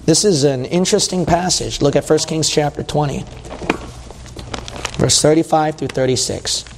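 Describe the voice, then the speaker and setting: A man's voice: fairly high pitch, normal speed, creaky, background noise. A man preaching a sermon in a conversational way, reading scripture and acting out quotes. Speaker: pastor. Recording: long hall reverb.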